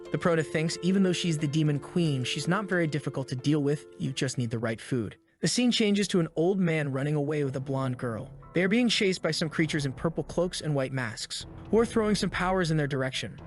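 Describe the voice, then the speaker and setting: A man narrating a story recap in a brisk, casual storytelling manner. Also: on the high side. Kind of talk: scripted narration. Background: faint music.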